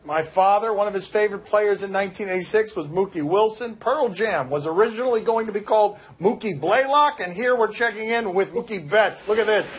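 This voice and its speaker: A playful male host cracking quick jokes on a sports talk show. His voice sits high and often breaks into laughter. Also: slightly rough. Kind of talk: casual chat.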